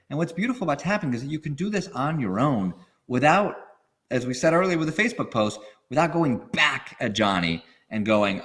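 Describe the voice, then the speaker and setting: A man guest on a podcast interview, explaining in an animated way and acting out quoted feelings. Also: mid-range voice, a little fast. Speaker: guest expert.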